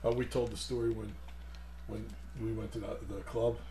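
A man's voice: fairly low pitch, little pitch movement, normal speed, warm tone, slight background noise, poor audio. A man rambling through long stories in a casual podcast chat.

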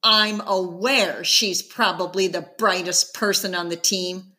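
A woman's voice: lowish voice, fairly even intonation, measured pace. A woman reading the lines of a protective mother who speaks curtly and sharply in an audiobook. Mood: angry. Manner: curt and sharp. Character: upset, protective mother, middle-aged woman.

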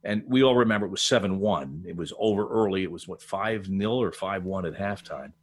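Deep-voiced older man telling stories. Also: a little fast. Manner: digressive storyteller with frequent restarts and laughs. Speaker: guest, veteran sports broadcaster. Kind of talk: casual podcast conversation, storytelling.

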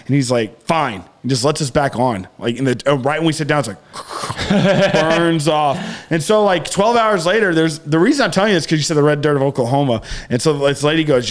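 Rambling, slightly high-voiced man. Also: fairly quick. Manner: rambling, many restarts and fillers, swears casually. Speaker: podcast co-host. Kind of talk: casual storytelling chat.

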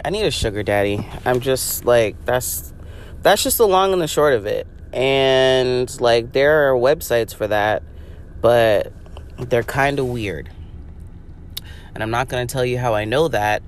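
A woman's voice: very deep voice, a little hiss or hum. A young woman hosting a podcast, talking in a rambling, profane comedic monologue full of "like" and laughter. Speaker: podcast host.

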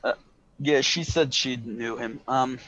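A man narrating a tabletop game as game master, rambling with many pauses and restarts. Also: mid-range voice, fairly bright tone. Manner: rambling, full of fillers and restarts. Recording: dull lo-fi, dry.

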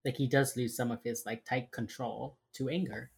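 A woman's voice: rumbling low, fairly even intonation, normal speed, vocal fry, breathy edge. A woman co-hosting a casual chat, animatedly acting out lines from a TV show and swearing freely. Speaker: podcast co-host recapping a TV crime drama.

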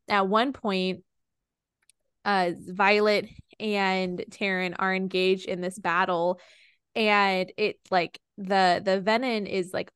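A woman's voice: medium pitch, fairly bright tone, clean tone, no room sound, clean studio sound. A young woman co-hosting a casual book podcast, retelling scenes in a rambling way with lots of fillers and restarts. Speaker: podcast co-host.

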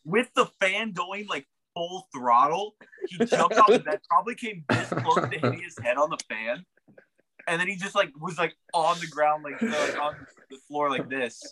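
A man's voice: fairly high pitch, lively intonation, moderate pace, a crowd in the background, rough recording. A man telling a story in a casual podcast chat, laid-back and full of fillers.

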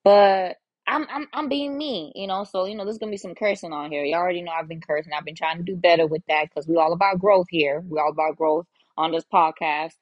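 A woman's voice: fairly low pitch, fairly even intonation, a little fast, few pauses, no echo, muffled recording. A young woman hosting a solo podcast, talking frankly and casually with lots of cursing, often acting out her own inner voice. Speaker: podcast host.

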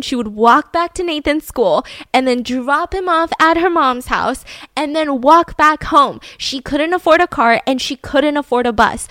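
A woman's voice: sits high, a bit bright, no room sound. A woman hosting a podcast, telling a true-crime story in a chatty, casual way and acting out quotes. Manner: chatty, acts out quotes, lots of "like". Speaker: podcast host.

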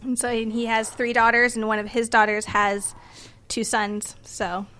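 Bright-voiced woman explaining calmly. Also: on the high side, normal speed. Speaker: podcast co-host. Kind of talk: casual podcast chat.

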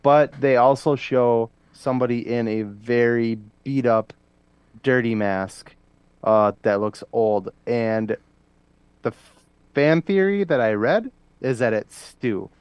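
This male podcast co-host has a smooth, darkish, lowish voice. He talks casually and loosely, laughing frequently and drifting off with fillers, on a recording without echo.

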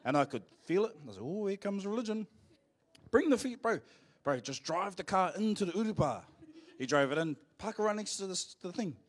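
A male pastor with a New Zealand accent, preaching a sermon in a church and telling cheeky, joking stories, acting out quotes in a louder voice. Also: sits high, expressive, fairly quick. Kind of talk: sermon with storytelling.

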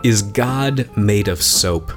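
A man's voice: fairly low pitch, slow, faint music behind. A man hosting a podcast, talking in a chatty, casual way with fillers and laughs. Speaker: podcast host.

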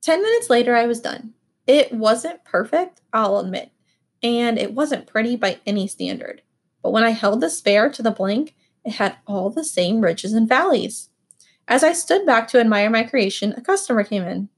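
Expressive woman narrating an audiobook. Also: on the high side, moderate pace, slightly rough. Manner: expressive, animated storytelling. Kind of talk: scripted first-person audiobook narration.

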